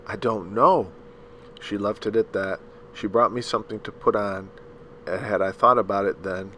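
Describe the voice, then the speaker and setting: A man narrating a novel aloud in a measured, dramatic storytelling manner, with the occasional slip. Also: lowish voice, bright, forceful tone, slight background noise, rough recording. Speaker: audiobook reader.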